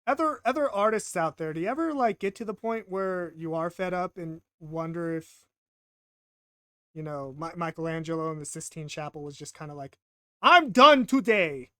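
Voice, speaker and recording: A man's voice: a little high, a bit bright, clean tone, no room sound, clean studio sound. A man casually narrating while he draws, rambling and self-deprecating, often stammering and repeating himself. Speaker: art vlogger.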